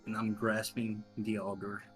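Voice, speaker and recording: A woman playing in a tabletop game, speaking in a halting, earnest way. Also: very deep voice, level tone, soft background music, low-quality recording. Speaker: player.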